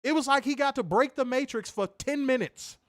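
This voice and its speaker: A man's voice: very high-pitched, fairly quick, dry recording, studio quality. A man hosting a wrestling review, ranting emphatically with frequent swearing and mockery. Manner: emphatic, profane, mocking. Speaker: podcast host reviewing wrestling.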